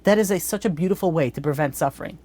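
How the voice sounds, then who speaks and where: A man's voice: a little high, rapid-fire, a little mellow. A man teaching a Torah class as a rabbi, blunt and earnest, often restarting his sentences.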